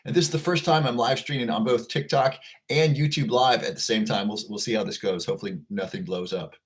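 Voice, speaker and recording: A man's voice: mid-range voice, brisk. Upbeat man hosting a livestream. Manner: upbeat, greets viewers by name from the chat. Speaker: livestream host. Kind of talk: casual livestream chat.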